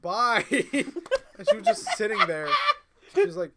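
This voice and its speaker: This podcast co-host has a high voice with huge pitch swings and a moderate pace, heard in a very noisy setting. Telling a long, casual story among friends, he rambles and swears freely, acts out both sides of the conversation, and laughs partway through sentences.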